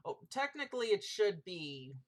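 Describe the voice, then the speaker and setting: A woman playing a tabletop game in casual chat, quick and matter-of-fact, a little impatient. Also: mid-range voice, big pitch swings. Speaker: player.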